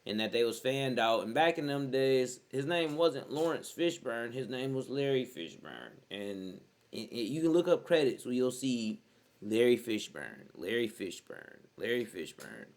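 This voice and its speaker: A young man hosting a reaction video, giving blunt, slangy commentary with excitable outbursts. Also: mid-range voice, normal speed, hardly any pauses.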